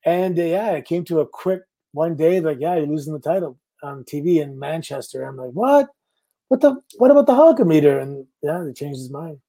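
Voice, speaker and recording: Middle-aged guy from canada, guest on a chat show, slightly high mellow voice, acts out quotes as he tells stories. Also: steady tone, a little fast, hardly any pauses. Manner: storytelling, acting out quoted lines. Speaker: guest, pro wrestler. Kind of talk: casual interview chat.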